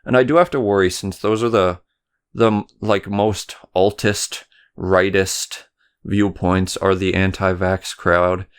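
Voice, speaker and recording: Casting: young male podcast host from Canada, deep, clean tone, rambling rant with frequent swearing. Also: fairly even intonation, slow pace, clear, resonant tone. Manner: rambling, stumbles over words, swears often. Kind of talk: solo political commentary podcast.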